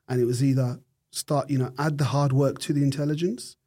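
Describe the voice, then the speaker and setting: A middle-aged man speaks as an interview guest, his voice warm and mellow at a middle pitch. He tells his story thoughtfully, often pausing and correcting himself mid-sentence as he searches for the right words. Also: fairly even intonation. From United Kingdom. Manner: thoughtful, with frequent restarts and self-corrections. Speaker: guest, neurosurgeon.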